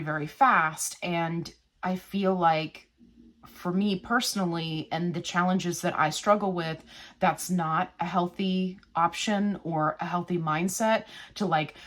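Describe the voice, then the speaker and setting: Chatty woman telling a rambling story. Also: on the low side. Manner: chatty, rambling, animated retelling. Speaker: vlogger. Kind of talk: casual storytelling vlog. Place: small old house, cooking at home.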